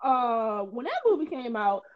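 A woman co-hosting a casual chat, telling animated, swearing stories with friends. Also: on the high side, unhurried. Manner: animated storytelling, swears freely. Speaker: podcast co-host. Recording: dull lo-fi sound.

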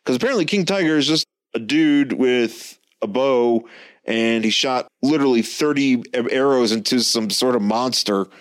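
A man's voice: medium pitch, normal speed. Casting: male podcast co-host, rambling comic book recap, loose and chatty. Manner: rambling, frequent restarts, animated retelling. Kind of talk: casual comic book discussion.

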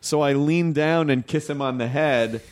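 A man telling a long, rambling story to his podcast co-hosts. He leans into the quoted lines, his pitch leaping up for them before settling back to an easy, conversational tone. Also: moderate pace. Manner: animated storyteller, jumps pitch for quoted voices. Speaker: podcast host. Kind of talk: casual chat.

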